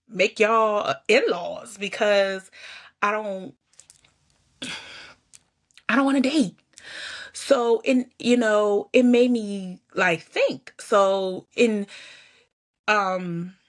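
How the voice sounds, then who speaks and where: Woman chatting to her viewers, candid and a bit teary, sighing and laughing between thoughts, middle pitch. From Georgia, US. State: holding back tears. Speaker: podcast host. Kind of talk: casual personal vlog talk.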